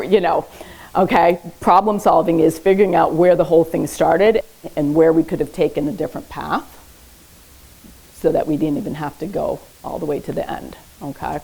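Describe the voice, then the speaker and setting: Deep, gravelly, husky, and warm, this woman's voice moves at a normal speed on a low-quality recording. She's a therapist presenting a casual parenting talk at a library event, an informal educational session in a public library event room. She keeps the tone conversational, checks in with "okay?", and mixes light humor into her teaching.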